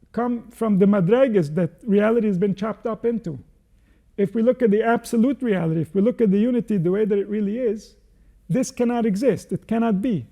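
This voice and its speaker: Gravelly high-voiced man teaching slowly. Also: mellow. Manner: measured, reflective explanation with pauses and Hebrew terms. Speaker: Jewish spiritual teacher. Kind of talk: unscripted spiritual teaching.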